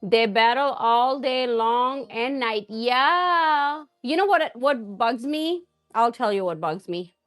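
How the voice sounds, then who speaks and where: This cooking live stream host has a fairly high, fairly bright, animated voice and takes her time, chatting casually and laughing a lot as she answers viewers. Faint music plays behind her.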